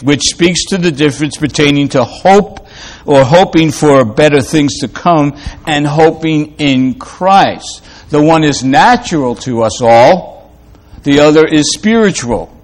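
A man preaching a sermon in an emphatic way, repeating phrases for effect and asking rhetorical questions. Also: on the high side.

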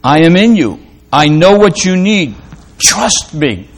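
A preacher voicing God as a gentle father who speaks softly and tenderly in a hushed, slow voice. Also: a little high, very animated, full character voice.

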